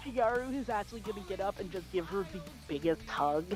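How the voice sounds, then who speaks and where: A woman player in a tabletop game who calmly describes what her character does. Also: mid-range voice, quick pace, over music. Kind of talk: tabletop role-play.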